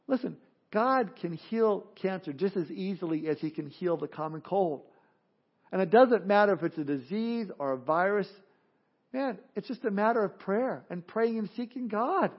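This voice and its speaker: High-voiced earnest male preacher. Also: moderate pace, highs cut off. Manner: earnest, emphatic, repeats words in restarts. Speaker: pastor. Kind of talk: sermon.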